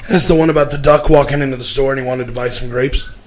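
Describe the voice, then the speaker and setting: A man's voice: medium pitch, fairly even intonation, fast talker, rough recording. A male show host chatting casually and telling a long story in a meandering way, full of fillers. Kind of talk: casual chat.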